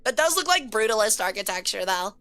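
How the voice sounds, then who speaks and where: A woman streamer giving casual live game commentary, excitable and quick to swear, chatting with her viewers. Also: mid-range voice. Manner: excitable, swears a lot when frustrated, chats with viewers.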